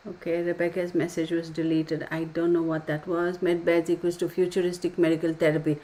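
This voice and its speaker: A woman's voice: on the low side, level tone, fairly quick, warm tone. A woman hosting a casual live stream, reading viewer comments aloud, often laughing and exclaiming in surprise.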